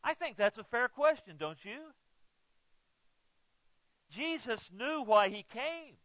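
A male pastor preaching a sermon, swinging between loud emphatic exclamations and hushed asides, and joking with the congregation. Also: very high-pitched, animated, takes it slowly, dry recording, dull audio. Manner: jokes with the congregation.

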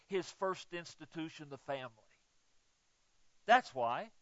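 A male pastor preaching a sermon, swinging between loud emphatic exclamations and hushed asides, and joking with the congregation. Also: sits high, expressive, unhurried, no room sound, muffled recording. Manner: jokes with the congregation.

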